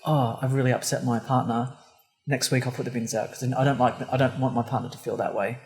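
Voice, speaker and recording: A man's voice: mid-range voice, level tone, fast, a little mellow. A man hosting a casual podcast, thinking aloud in rambling sentences. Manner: thoughtful, rambling with restarts. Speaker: podcast host.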